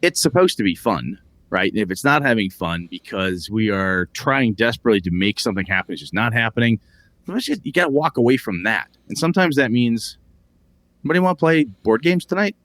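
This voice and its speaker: A man's voice: fairly low pitch, expressive, fairly quick, a bit bright, no room sound. A man in his forties co-hosting a tabletop gaming podcast, talking casually in a profane, ranting way. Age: 40s. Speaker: podcast co-host.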